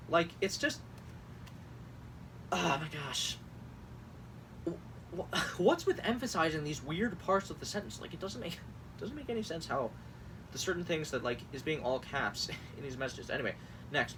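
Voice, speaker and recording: A man's voice: a little high, expressive, normal speed, fairly bright tone, far from the mic. A young man reading campaign messages aloud and reacting with sarcastic, exasperated commentary, swearing and laughing often. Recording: mic set back, faint room noise.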